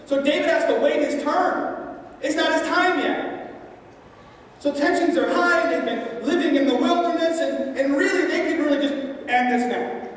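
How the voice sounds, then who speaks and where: A woman's voice: high voice, slight background noise. A woman pastor preaching a sermon, telling a story in a conversational way with playful asides. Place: large church hall. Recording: echoey hall from far off.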